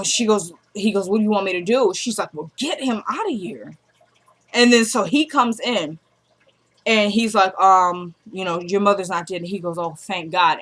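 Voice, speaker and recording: A woman records a casual recap of a drama episode from her home. Her voice sits at a middling pitch and she talks loosely, full of asides to her viewers. When she quotes the characters she drops into a quieter voice. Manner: retells dialogue, dropping to a quieter voice for quoted characters.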